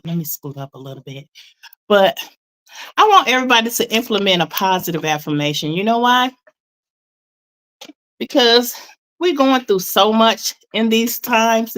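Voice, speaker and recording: Woman live-stream host, slightly out of breath, bouncy pitch, unhurried chatty delivery. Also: a bit bright, low-quality recording. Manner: chatty, reads and answers viewer comments. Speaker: livestream host chatting with viewers. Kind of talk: casual live chat.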